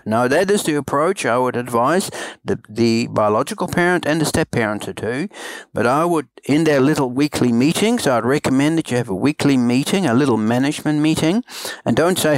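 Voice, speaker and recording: Earnest man with halting restarts. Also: mid-range voice, lively intonation, no echo, rough recording. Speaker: parenting coach. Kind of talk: podcast interview answers. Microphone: remote call.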